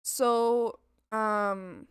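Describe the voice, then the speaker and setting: A woman's voice: fairly high pitch, fairly even intonation, extremely slow, clean tone. A young woman streaming her art at home, chatting casually while she draws, bubbly and breaking into squealed exclamations. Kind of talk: casual chat while drawing. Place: home apartment.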